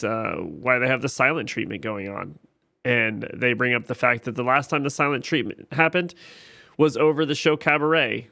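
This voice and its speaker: A man's voice: medium pitch, creaky, bright, forceful tone. A man hosting a casual TV episode recap, retelling scenes and slipping into the characters' lines as he goes.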